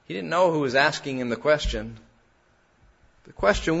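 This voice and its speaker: A man's voice: on the high side, animated, normal speed, vocal fry, fairly bright tone, breathy edge. A man preaching a sermon in an earnest way that rises to emphatic peaks. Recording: dull lo-fi sound.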